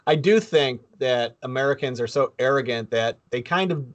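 A middle-aged man who grew up near the Canadian border, co-hosting a podcast in a halting, thoughtful way. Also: mid-range voice, expressive, dull audio. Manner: halting and thoughtful, many fillers and restarts. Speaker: co-host. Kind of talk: casual podcast chat.

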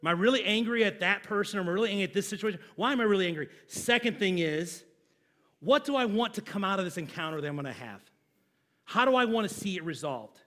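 A pastor in his forties delivers a sermon in a high, ringing voice. He talks directly to his congregation and gets them to call back. He moves from loud, pressing emphasis to low, hushed asides. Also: lively intonation, fast talker. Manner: addresses the congregation directly, prompting call and response.

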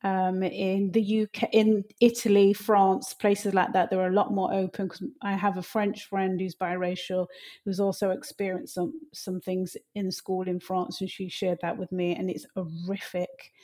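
A middle-aged woman co-hosting a podcast, earnest and measured in conversation. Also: medium pitch, flat delivery, dark tone. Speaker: podcast co-host. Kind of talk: casual podcast chat.

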